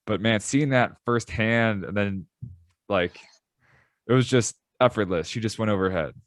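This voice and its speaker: A male podcast host with a fairly low voice, recorded dry and close. He talks in a relaxed, conversational way, working his thoughts out as he goes. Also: measured pace, no echo. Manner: relaxed, thinks aloud with restarts. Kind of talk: conversational interview.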